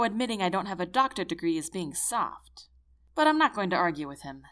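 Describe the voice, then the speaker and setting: Woman, audiobook narrator, first-person, expressive and earnest, lively pitch. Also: fairly quick.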